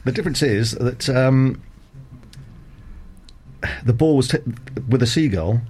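A middle-aged man, a cricket umpire guest on a radio interview, explaining rules in a measured, methodical way with frequent ums and uhs. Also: medium pitch, darkish tone, slightly rough.

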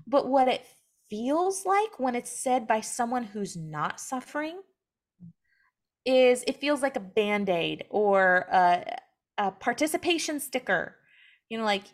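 A young woman with a fairly high voice talks earnestly in a relaxed conversation about faith. She speaks openly and personally, and she livens up when she acts out other people's words. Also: a little slow. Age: young adult. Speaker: guest, mother sharing her story.

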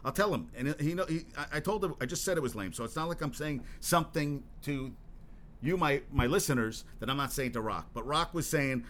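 A man's voice: a little high, fairly quick, a bit bright. Rambling, cursing male podcast host. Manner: rambling and profane, with frequent restarts; worked up and emphatic. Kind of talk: solo podcast monologue.

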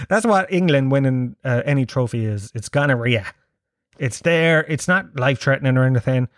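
Irish guy ranting casually, swears a lot, cracks jokes, mid pitch, very dry close sound. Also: normal speed, dry recording. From Ireland. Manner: profane, joking, rambling banter. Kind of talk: casual monologue.

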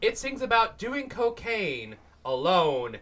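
A man's voice: high voice, big pitch swings, slow, a bit bright. A young father co-hosting a casual podcast, joking and teasing with casual swearing. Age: young adult. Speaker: podcast co-host. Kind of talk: casual chat.

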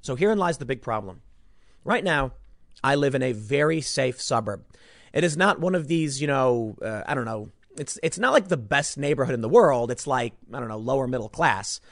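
A man's voice: medium pitch, expressive, moderate pace, dry recording, clean studio sound. A man from Chicago giving an emphatic, rambling commentary on news stories, often repeating himself as he talks. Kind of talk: opinionated news commentary monologue.

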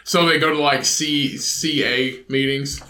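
Jokey man with a bright, roomy voice. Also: medium pitch, fairly even intonation, measured pace. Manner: crude, jokey, laughs a lot. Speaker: podcast co-host. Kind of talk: casual chat.

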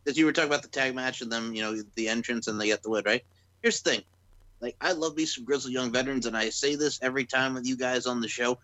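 A man's voice: mid-range voice, fast, sharp tone, poor audio. A man co-hosting a casual wrestling podcast, crude and joking, laughing often. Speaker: podcast co-host.

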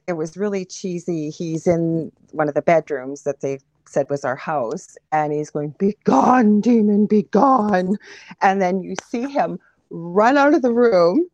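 A woman's voice: fairly low pitch, dry recording. A woman from Canada, a guest medium, vividly recounting a story in a conversational interview. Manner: animated, vivid retelling.

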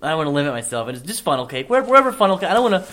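A man co-hosting a comedy podcast, telling absurd jokes in a deadpan way with frequent restarts. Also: on the high side, rapid-fire. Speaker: podcast co-host. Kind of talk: casual comedic chat.

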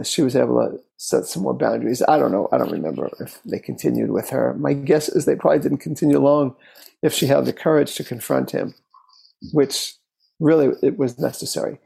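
A man who works as a therapist, recounting a case as an interview guest in an unhurried, thoughtful way, speaking in short phrases. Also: mid-range voice, creaky, dark tone, husky, low-quality recording. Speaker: therapist and relationship expert.

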